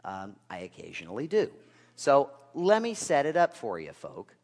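A male pastor delivering a sermon, with rhetorical questions and dry asides, swinging from loud to hushed. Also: mid-range voice, wildly swooping pitch, moderate pace. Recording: long reverb of a large hall.

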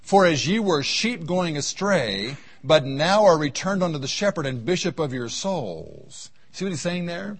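A man preaching a seminar sermon, telling folksy stories from his marriage and acting out the voices in them, with a husky voice. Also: fairly high pitch, very animated, a little slow, few pauses. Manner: folksy storytelling, voices the Lord and his wife. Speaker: seminar speaker. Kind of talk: sermon with acted anecdotes.

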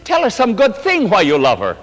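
A man with a high, very lively voice preaches a sermon. He tells stories, acts out the voices of the people in them and laughs now and then. The sound rings with long reverb, as in a big hall. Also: brisk. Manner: storytelling with quoted voices and laughter.

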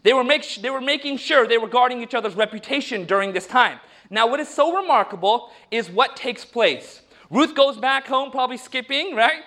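Male preacher, strikingly high and bright, lively storyteller who acts out the quotes. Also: moderate pace, few pauses. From United States. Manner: animated storytelling, acting out quoted speech. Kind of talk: sermon.

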